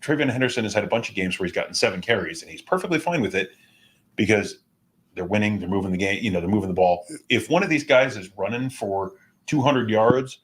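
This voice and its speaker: A man's voice: fairly low pitch, quick pace. A man co-hosting a sports podcast in casual chat, reading listener comments and answering them. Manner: reads listener comments aloud. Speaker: podcast co-host.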